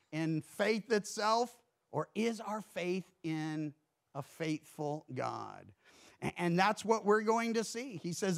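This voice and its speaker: A man pastor preaching a sermon in a church, earnest, swinging between emphatic rises and hushed drops. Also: high-pitched, creaky.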